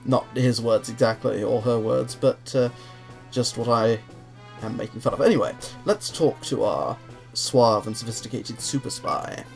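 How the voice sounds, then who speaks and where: Brief: young man, chatty distracted let's-play narration, mid pitch, faint music. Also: moderate pace, gravelly. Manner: giggly, rambling, easily distracted. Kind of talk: casual gameplay commentary.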